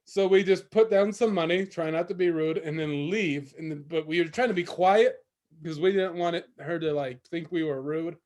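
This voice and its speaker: A man with a fairly high voice tells a long anecdote on a casual podcast. He stumbles, restarts and rambles as he builds the story. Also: moderate pace, a little mellow. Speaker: podcast co-host.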